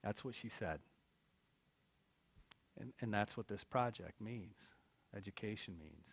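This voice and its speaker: A man's voice: lowish voice, measured pace, vocal fry, husky. A middle-aged man giving a storytelling speech as keynote speaker at a college, earnest, repeating words when he gets stirred up. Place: college hall.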